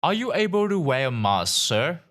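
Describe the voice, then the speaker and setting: A man's voice: a little high, very animated, moderate pace, fairly bright tone, voice pushed up. A man voicing a male phlebotomist who makes firm, polite requests. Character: calm male clinic phlebotomist.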